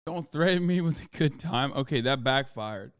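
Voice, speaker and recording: A man's voice: mid-range voice, lively intonation, normal speed, a bit bright, dry recording, studio quality. A man hosting a livestream, giving casual commentary in a blunt, profane and heated way. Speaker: livestream host.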